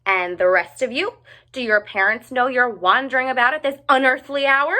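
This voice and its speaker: A woman's voice: high-pitched, normal speed, bright, forceful tone, voice pushed up. A woman voicing a strict female schoolteacher who speaks firmly and scolds. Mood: scolding. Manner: firm, scolding, commanding. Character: strict stern female schoolteacher, middle-aged.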